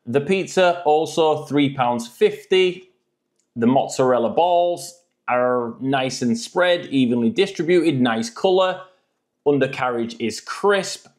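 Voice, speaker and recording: A man's voice: mid-range voice, expressive, slow pace. A man reviewing frozen food in a jokey, chatty vlog.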